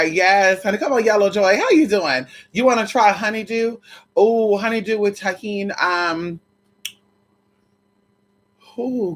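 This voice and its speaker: A sassy livestream host who chats casually and greets viewers one by one, voice sitting in a middle pitch. The talk is loose and profane, full of endearments and asides. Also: a bit bright. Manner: swears freely. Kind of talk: casual live chat.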